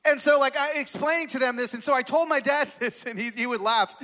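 A man in his forties preaching as a guest speaker in a church, talking casually with self-deprecating humor and animated retelling. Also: very high-pitched, a little fast. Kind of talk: sermon. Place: church sanctuary.

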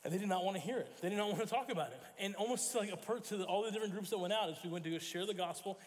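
The pastor's high voice races along with few pauses, echoing through a church sanctuary. His sermon is story-driven, with acted quotations and self-corrections.

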